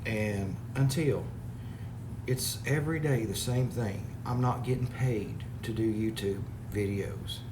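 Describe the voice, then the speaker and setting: Talking casually to his viewers, this parody video maker rambles in exasperation while reading comments aloud. He has a lowish voice and a slow pace, and the echoey room carries background noise.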